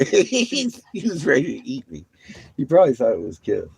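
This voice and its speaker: A man's voice: fairly high pitch, wildly swooping pitch, moderate pace, vocal fry, a little mellow, slight background noise. A man livestreaming from his vehicle, chatting casually with viewers, laughing often and swearing freely.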